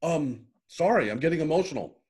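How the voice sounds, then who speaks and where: A man's voice: fairly high pitch, expressive, brisk, darkish tone. A middle-aged man speaks as an interview guest in an easy, conversational way. He is earnest and open with his feelings, and he often doubles back and repeats words. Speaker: guest, happiness coach. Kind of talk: casual interview talk.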